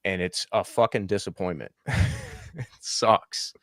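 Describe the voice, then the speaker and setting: A man's voice: low-pitched, unhurried, fairly bright tone, dry recording. A man on a sports talk panel, ranting angrily with crude language and rhetorical questions. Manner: angry, profane, rhetorical ranting.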